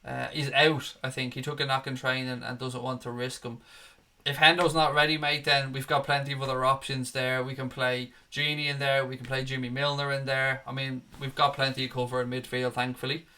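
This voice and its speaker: A man's voice: medium pitch, little pitch movement, a little fast, bright, forceful tone. A young man hosting a live fan show, chatting casually as he reads out viewer comments and calls them mate. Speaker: fan channel host. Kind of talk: live stream chat reading viewer comments.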